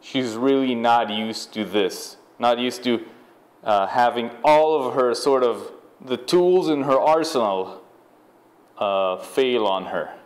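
A man's voice: mid-range voice, slow pace. Sardonic male video commentator. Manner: sardonic, chuckling, loose.

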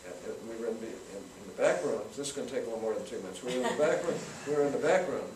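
A man's voice: mid-range voice, lively intonation, very fast, darkish tone. Older man, folksy storyteller, speaking from far off in an echoing room. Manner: folksy anecdotal, acts out quotes. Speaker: guest speaker, senator. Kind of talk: storytelling talk to students. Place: campus event room. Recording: roomy, from far off, noisy.

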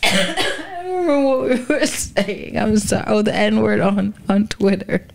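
A woman's voice: mid-range voice, unhurried, creaky, slight background noise. A young adult woman co-hosting a podcast, telling stories in casual chat and laughing often. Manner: chatty storyteller, laughs often. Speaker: podcast co-host.

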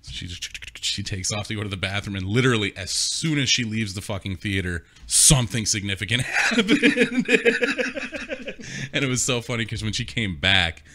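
Deep-voiced laughing storyteller man. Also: big pitch swings, normal speed, pushed and bright. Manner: rambling storyteller who laughs often and swears freely. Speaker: podcast co-host. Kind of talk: casual chat.

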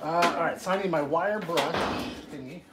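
A man's voice: fairly high pitch, fairly quick, echoey room, heavy background noise. Joking man in a home garage. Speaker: host. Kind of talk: casual live stream chat.

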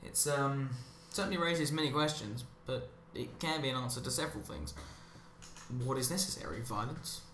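A man's voice: medium pitch, lively intonation, normal speed, a bit bright, slight background noise. Guy rambling sarcastically over gameplay, goes off on tangents, echoey room. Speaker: commentary channel host. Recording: roomy echo with faint ambience.

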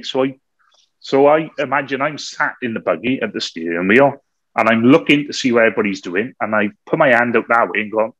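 Man telling a lively story. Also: medium pitch, brisk, no echo. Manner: lively storyteller, laughs often, acts out quotes. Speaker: podcast co-host. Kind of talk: anecdotal storytelling. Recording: slightly dull, dry recording.

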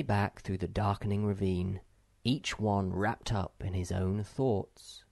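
A man narrating an unabridged children's audiobook in an expressive storytelling manner. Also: on the low side, takes it slowly, creaky, dry recording. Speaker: audiobook reader.

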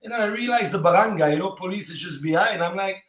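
Animated man telling stories in a roomy space. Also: high voice. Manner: animated, anecdotal, talks in quick fragments with many "you know"s. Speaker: martial arts instructor, podcast guest. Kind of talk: casual interview storytelling. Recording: roomy echo.

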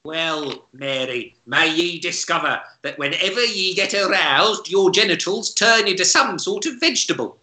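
A man's voice: sits high, animated, moderate pace, hardly any pauses, pushed and bright, echoey room, full character voice. A man doing a cackling old crone. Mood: cackling, cursing. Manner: swings between cooing and snapping, cackles. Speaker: comedy club co-host. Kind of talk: improvised comic character bit.

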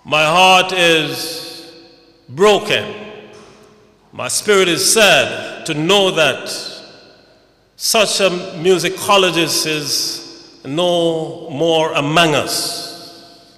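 A man preaching a sermon at a memorial service, slow and measured, building to dramatic recitation. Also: fairly high pitch, bright, forceful tone. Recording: echoey hall.

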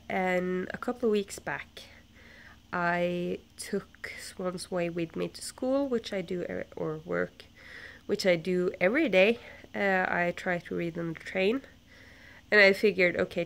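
Stuffy-nosed young woman with a gravelly voice. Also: on the low side, a bit bright. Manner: chatty, rambling, with many fillers and self-corrections. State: stuffy nose from a flu. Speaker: book vlogger. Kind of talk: casual storytelling vlog.

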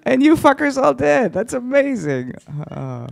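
A man's voice: very high-pitched, very animated, a little slow, creaky. A man doing stand-up crowd work on a conference stage, brash and teasing, swearing freely as he ribs the audience. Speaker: stand-up comedian.

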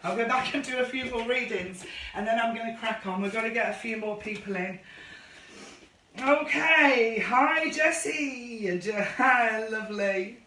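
A woman's voice: fairly high pitch, a little slow, sharp tone, recorded from a distance, slight background noise. A woman running a line dance class on a live stream, chatty and effusive as she greets viewers by name. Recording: roomy echo, voice off-mic.

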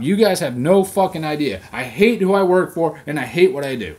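A man who just turned thirty, hosting a solo rant podcast, swearing constantly and getting loud and heated as he vents. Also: a little high, animated, moderate pace, hardly any pauses. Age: 30s. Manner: profane, venting, gets loud and heated when angry. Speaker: podcast host.

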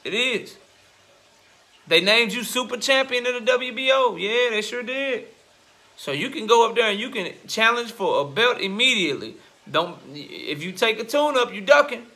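Blunt, heated man with a bright voice. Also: extremely high pitch, expressive, normal speed. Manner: blunt, profane, emphatic, gets louder and heated. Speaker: boxing commentary host. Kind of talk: casual opinion rant.

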